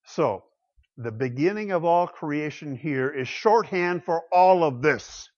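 A man preaching a sermon, swinging between loud declarations and quiet asides. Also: a little high, expressive, slow. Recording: dull lo-fi sound.

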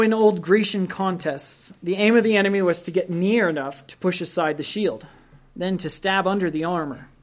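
A preacher delivering a sermon in an earnest, exhorting manner, speaking directly to listeners and lifting the voice to stress each quoted verse. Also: medium pitch.

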